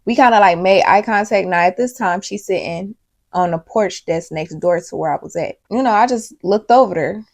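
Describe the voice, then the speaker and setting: Gravelly young woman telling a story. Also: medium pitch, normal speed. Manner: casual, profane, animated storytelling. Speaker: vlogger. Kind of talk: storytime vlog.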